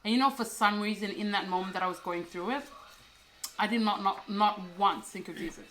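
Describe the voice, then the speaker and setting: A young woman speaks at a medium pitch, soft and hesitant, stopping and restarting as she tells a candid personal story. Her delivery is halting and full of fillers. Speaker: co-host.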